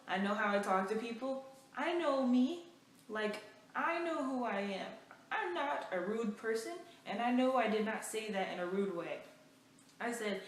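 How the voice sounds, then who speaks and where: A young woman vlogger telling a story in a lively, chatty way, full of fillers. She sounds a fair way from the mic in a very echoey room. A faint hiss sits under her voice. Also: medium pitch, moderate pace, far from the mic. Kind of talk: casual storytime.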